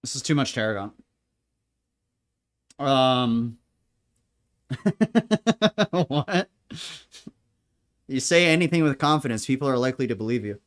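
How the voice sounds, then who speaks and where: A man talking loosely while he cooks at home, drifting between thoughts with jokes and frequent laughter. His voice sits at a middle pitch, and his delivery is casual and unscripted. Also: animated, slow, pauses often. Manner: rambling, joking, laughs often. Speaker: home cook. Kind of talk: casual chat while cooking. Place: home kitchen.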